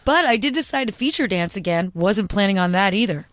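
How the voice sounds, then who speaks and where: A woman's voice: medium pitch, expressive, fairly quick, fairly bright tone, no echo, studio quality. A woman guest on a radio talk show, talking in an earnest, upbeat way about her work. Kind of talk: casual interview chat.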